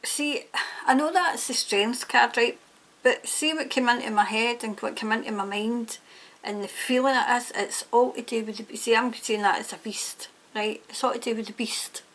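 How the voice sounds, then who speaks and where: Brief: woman tarot reader, high bright pitch, emphatic and fired-up, ranting monologue. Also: moderate pace. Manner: emphatic, indignant, prone to ranting. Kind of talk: tarot reading monologue to camera.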